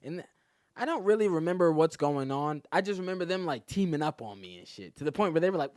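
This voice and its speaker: A man's voice: fairly high pitch, expressive, quick pace, darkish tone, no room sound, clean studio sound. A man, a comedian guest on a podcast, telling a story in a casual, profane way and often saying "you know what I'm saying". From New York.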